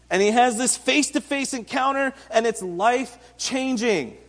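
A man's voice: very high-pitched, normal speed, few pauses. Man preaching casually in an echoey hall. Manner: conversational, acts out Bible figures in everyday speech. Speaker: pastor and teacher. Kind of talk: casual sermon. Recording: reverberant hall.

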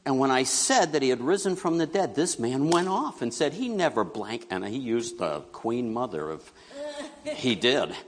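A middle-aged male pastor delivers a sermon in an easy, conversational way, slipping into quoted voices as he tells his stories. His voice sits at an ordinary pitch for a man. The sound carries a long reverb from a church hall. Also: normal speed, noisy background. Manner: conversational, animated storytelling with acted quotes.

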